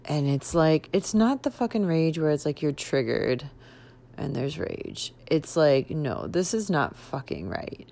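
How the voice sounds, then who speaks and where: A woman's voice: deep voice, very animated, unhurried, creaky, darkish tone. A young woman hosting a podcast, talking in a casual, outraged monologue full of swearing and filler words. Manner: heavy swearing, frequent "like" fillers; agitated and outraged. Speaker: podcast host.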